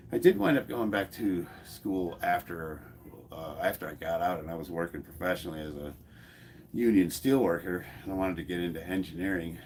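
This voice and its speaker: Man in his 40s, low-ish voice, blunt and jokey, casual garage-gym chat, faint room hum behind. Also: a little mellow. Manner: blunt, joking, laughs often, swears freely. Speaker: fitness YouTuber. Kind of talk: casual chat while lifting in a garage, reading comments aloud.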